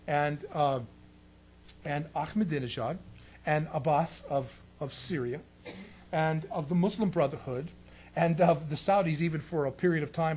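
A man preaching a sermon on prophecy, animated and emphatic, with sarcastic asides. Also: a little high, slight background noise.

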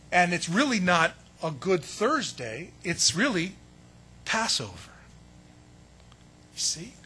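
A man preaching a sermon, telling the story in a lively way and acting out the voices of the people in it. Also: on the high side, a little hiss or hum. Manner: animated storytelling, acts out voices of biblical figures. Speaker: pastor.

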